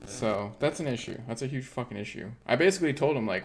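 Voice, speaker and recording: A man's voice: medium pitch, expressive, fast, few pauses. Swearing, frustrated male livestream host. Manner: frustrated, heavy swearing, ranting. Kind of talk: casual livestream rant.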